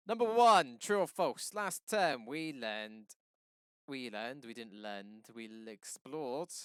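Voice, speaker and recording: A man's voice: mid-range voice, fairly bright tone, no room sound, studio quality. A male teacher running a live-streamed remote lesson, quizzing the class and answering his own questions, often correcting himself mid-sentence.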